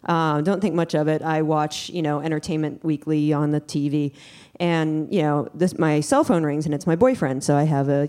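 Young woman telling a story, kinda low voice, wry and chatty, lots of likes. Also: moderate pace, dark tone. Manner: chatty and wry, many "like" and "you know" fillers. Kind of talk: personal story told to an audience.

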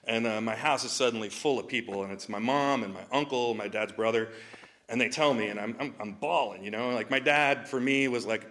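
A man's voice: medium pitch, fairly quick, a bit bright. A young adult man, a stand-up comedian, telling personal stories to an audience, laughing often and using many fillers. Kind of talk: storytelling talk with jokes.

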